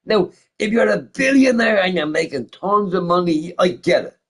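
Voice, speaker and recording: Lively, swearing man ranting casually. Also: high-pitched, normal speed, husky, poor audio. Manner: profane, laughing often, animated rhetorical questions. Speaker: gaming streamer chatting with viewers. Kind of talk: casual rambling chat.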